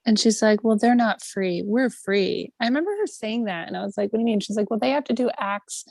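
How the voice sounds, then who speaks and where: A woman co-hosts a casual podcast chat, telling stories in a lively way and acting out the voices of people she quotes. Her mid-range voice runs a little fast with some vocal fry, on a dry recording.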